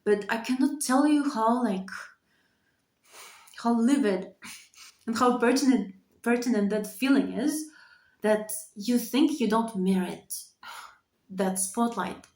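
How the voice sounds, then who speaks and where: A woman's voice: on the high side, slow pace, pauses often, a little mellow. A woman in her thirties talking candidly to camera in her bedroom, earnest and repetitive, swearing freely as she opens up. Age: 30s. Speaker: vlogger. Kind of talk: candid personal monologue. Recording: echoey room.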